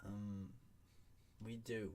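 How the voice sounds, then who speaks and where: A man's voice: on the low side, flat delivery, drawn-out words, darkish tone, a little hiss or hum. Hesitant man hosting a draft show. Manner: hesitant, many fillers. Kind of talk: casual draft commentary.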